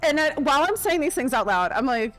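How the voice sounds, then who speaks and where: A woman's voice: high voice, a little fast, soft background music. A woman streamer telling a story in casual livestream chat. She laughs often, swears casually and acts out the lines she quotes in lifted voices. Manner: animated retelling with frequent laughter and casual swearing.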